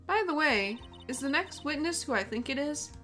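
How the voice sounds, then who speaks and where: An earnest young defense lawyer from a courtroom game, read by a woman in her own high voice. He works through the logic aloud, stumbling and restarting. He sounds nervous but determined. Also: animated, normal speed, sharp tone, soft background music. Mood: thinking.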